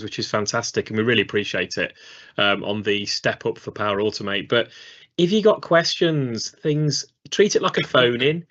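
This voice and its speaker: A man's voice: medium pitch, a bit bright. Chatty rambling male stream host. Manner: rambling, chatty, self-deprecating. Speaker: co-host of a live training stream. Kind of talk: casual live-stream chat. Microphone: studio mic on a video call. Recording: slightly dull lo-fi stream audio.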